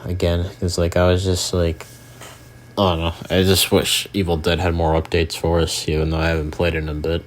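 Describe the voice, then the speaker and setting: A young man hosting his own gaming channel, chatting casually over gameplay in a rambling, filler-heavy way with casual swearing. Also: low-pitched.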